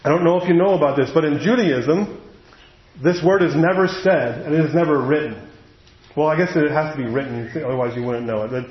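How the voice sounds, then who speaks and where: A man gives a sermon in a loose, conversational style, breaking off for quick asides. His voice sits a little high for a man. The sound is muffled and lo-fi, with a roomy echo around it. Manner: conversational and animated, with asides and chuckles. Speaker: pastor. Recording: echoey room, dull lo-fi sound.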